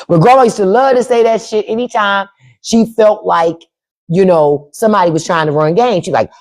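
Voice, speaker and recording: A woman's voice: on the low side, normal speed, pauses often, a little mellow. A woman in her fifties hosting a casual livestream, blunt and profane, laughing as she quotes her elders. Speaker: podcast host on a livestream. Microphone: phone or webcam livestream mic.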